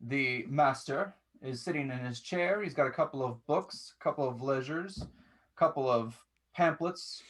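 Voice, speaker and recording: A man narrating as game master, talking in halting bursts with many restarts. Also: medium pitch, fairly bright tone. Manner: halting, full of restarts and fillers.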